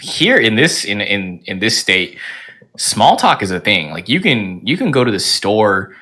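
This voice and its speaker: A young man chatting as a guest with restless, lively energy. His voice sits on the low side but sounds bright and forceful, and he piles on fillers as he tells his stories. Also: a little slow. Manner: energetic, animated storytelling full of fillers. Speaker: podcast guest. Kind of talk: casual chat.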